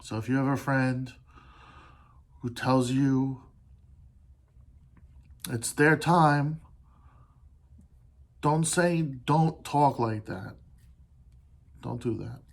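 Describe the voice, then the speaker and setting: A man talking alone into a podcast mic, earnest and heartfelt. He halts and restarts often and lets thoughts trail off. His pitch sits in an ordinary middle range, and he swears casually. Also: fairly even intonation, drawn-out words, vocal fry, pauses often. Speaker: solo podcast host. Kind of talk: candid solo podcast monologue.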